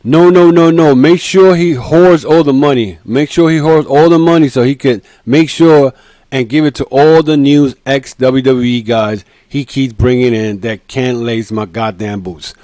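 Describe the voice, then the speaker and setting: A man hosting a casual wrestling podcast, talking in an animated way with lots of fillers and acting out quotes. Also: mid-range voice, a little slow, no room sound. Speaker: podcast host.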